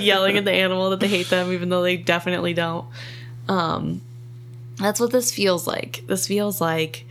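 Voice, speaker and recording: A woman's voice: fairly low pitch, fairly even intonation, normal speed, a bit bright, a little hiss or hum. A woman co-hosting a casual book discussion, chatty and emotional, with frequent likes and ums. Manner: chatty, filler-heavy, emotional. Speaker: podcast co-host.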